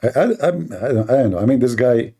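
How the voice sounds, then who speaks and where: A man hosting a live debate, sarcastic and argumentative, with a gravelly, mellow voice. His pitch rises and falls a lot as he presses his points. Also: expressive, fast. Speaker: debate host.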